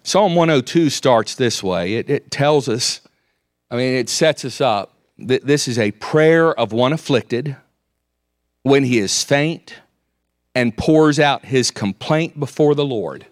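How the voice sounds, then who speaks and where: A man preaching a sermon, reading scripture aloud with measured emphasis. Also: mid-range voice, animated, no room sound, clean studio sound.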